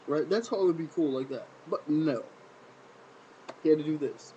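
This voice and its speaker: A man giving a casual solo wrestling review, animated and repetitive, full of sarcastic rhetorical questions. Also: on the high side, moderate pace, pauses often, slight background noise, poor audio.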